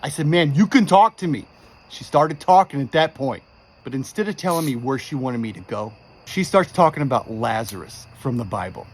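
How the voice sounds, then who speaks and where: A man's voice: mid-range voice, expressive, brisk, breathy edge. A man in his forties intensely retelling a frightening true story, with frequent swearing. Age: 40s. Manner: intense, profane, shaken retelling. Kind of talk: first-person true story.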